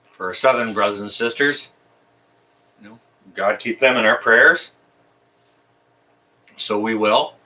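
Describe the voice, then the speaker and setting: Casual male livestream host, bright voice, friendly, halting, filler-heavy. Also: lowish voice. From Canada. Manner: friendly, chatty, many ums and uhs. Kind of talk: casual live chat greeting viewers.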